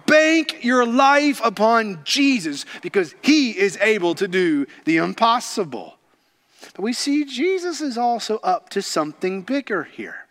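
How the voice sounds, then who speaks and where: A man preaching a sermon, swinging from loud exclamations to hushed whispers with slow, deliberate emphasis. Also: high voice, very animated. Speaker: pastor.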